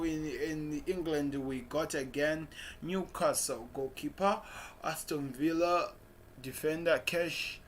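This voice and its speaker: A man reads transfer headlines aloud in a casual chat, stumbling over names and muttering asides to himself. His voice sits at an ordinary pitch for a man. A faint hiss runs under the recording. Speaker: football channel host.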